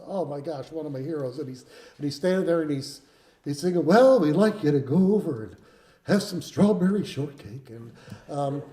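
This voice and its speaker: Rambling folk musician telling a stage story. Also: male voice, a little high, dark tone. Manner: rambling, self-deprecating anecdote with frequent chuckles. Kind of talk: live concert storytelling. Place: concert stage before a live audience. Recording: roomy live venue sound with faint instruments.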